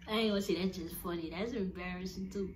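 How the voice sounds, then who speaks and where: A young woman vlogger chatting casually to her viewers, animated and blunt, laughing often as she tells stories. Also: fairly low pitch, fast talker, a little hiss or hum.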